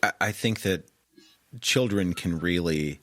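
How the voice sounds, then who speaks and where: Man hosting a podcast, gently probing, slow and measured, low voice. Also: no room sound. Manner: halting and thoughtful, gently probing. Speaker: podcast host. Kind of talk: interview conversation.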